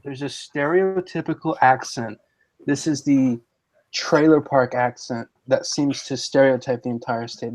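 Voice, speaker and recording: A man's voice: mid-range voice, steady tone, measured pace, darkish tone, poor audio. Rambling, joking man in casual chat. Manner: joking, rambling, frequent restarts.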